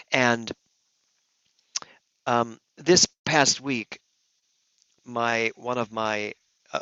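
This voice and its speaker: Earnest guy telling a personal story, goes soft then loud, dry slightly dull audio. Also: mid-range voice, vocal fry, dry recording. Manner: emotional, earnest, swings from hushed to shouting. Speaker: guest speaker, minister.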